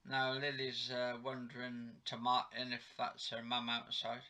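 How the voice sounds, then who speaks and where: A man's voice: medium pitch, monotone, measured pace, pushed and bright. A man in his own home giving a rambling, chatty recap of a TV episode, correcting himself as he goes. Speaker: TV episode reviewer. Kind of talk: casual home recap vlog. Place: home living room.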